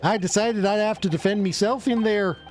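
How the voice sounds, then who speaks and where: A man's voice: high-pitched, a little fast, a little mellow, soft background music, lightly acted. A man voicing a boastful, rich old businessman in a put-on Irish accent that slips toward Canadian, reading game dialogue. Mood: insistent. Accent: put-on Irish drifting Canadian. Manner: blustering, folksy, theatrical.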